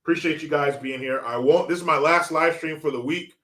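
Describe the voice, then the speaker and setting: A man's voice: a little high, brisk, bright, forceful tone. A man hosting a livestream with political commentary, mocking and swearing as he talks. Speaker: livestream host.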